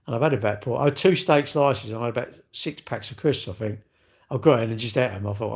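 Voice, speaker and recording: A man's voice: mid-range voice, brisk, vocal fry, husky. A middle-aged man, hosting a live stream and chatting casually as he reads out viewer comments, in rambling, jokey, self-mocking banter. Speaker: livestream host.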